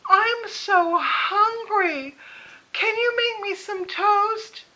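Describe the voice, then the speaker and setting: A woman putting on her confused elderly mother, who is defiant and demanding and whines in slow, drawn-out pleas. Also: extremely high pitch, bright, forceful tone, voice pushed up, heavily acted. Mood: whiny. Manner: whiny, drawn-out pleading.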